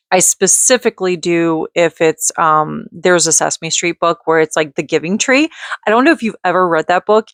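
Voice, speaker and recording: A woman vlogging in a casual, rambling way, chatty and quick to giggle as she drifts off on tangents. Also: lowish voice, vocal fry, no echo, clean studio sound. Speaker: vlogger and mother.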